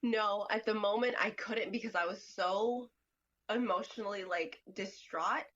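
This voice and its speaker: A woman guest on a podcast, telling a personal story in a halting way, full of "like" and "you know". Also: mid-range voice, a bit bright, dull audio.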